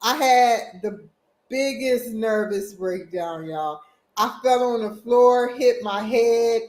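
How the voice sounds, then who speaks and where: Woman vlogger, fairly high voice, slow and halting personal storytelling, roomy echo. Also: a little mellow. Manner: halting, repetitive, emotional retelling with restarts. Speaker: vlog host.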